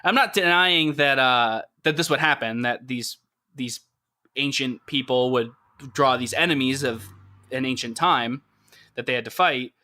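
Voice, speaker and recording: A man's voice: mid-range voice, a little slow, pushed and bright. A man co-hosting a podcast, talking casually and rambling, acting out characters' reactions as he goes. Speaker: podcast co-host. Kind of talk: casual chat.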